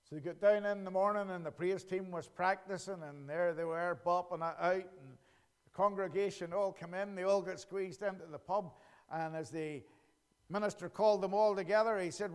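A man preaching a sermon as pastor, earnestly repeating his questions slowly for emphasis. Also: sits high, fairly even intonation, smooth.

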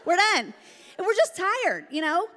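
A middle-aged woman preaching a lively, joking sermon. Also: very high voice, measured pace, a faint crowd. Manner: lively, joking, laughs often. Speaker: pastor. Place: large church hall. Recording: long hall reverb.

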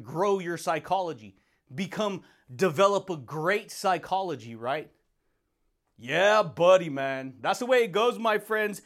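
A high-voiced young man delivering a motivational podcast monologue. He talks with loud, slangy energy and laughs a lot between points. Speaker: podcast host.

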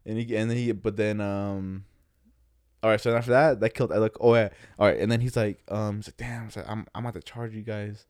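A young man rattles off a story at high speed in a dark, mellow voice, close and dry with no room sound. His telling rambles through slang, restarts and voices of the people in it. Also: steady tone, a little fast, no echo. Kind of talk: casual chat.

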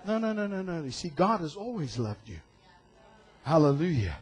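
A male pastor preaching a sermon in an animated way, acting out voices and shouting for emphasis. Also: on the high side, moderate pace, husky.

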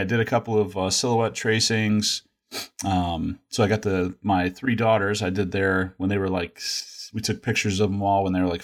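A middle-aged man hosting a podcast in casual, jokey, rambling chat. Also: fairly low pitch. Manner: jokey, rambling, self-deprecating. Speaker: podcast host.

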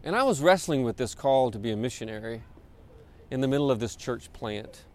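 Male pastor, informal sermon, fillers and restarts, medium pitch, animated. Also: brisk. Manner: conversational, with many fillers and repeated words.

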